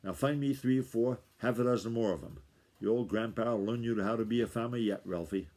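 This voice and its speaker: A man reading the lines of a cranky, blustering old farmer grandfather, gruff and impatient. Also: mid-range voice, brisk, a little mellow, lightly acted. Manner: gruff, impatient country talk.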